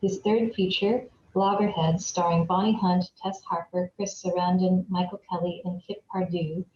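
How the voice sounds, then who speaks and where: A woman hosting a reading series, introducing the next reader and reading his bio with a few halting fillers. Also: fairly low pitch, level tone, darkish tone, reverberant, muffled recording, a little hiss or hum.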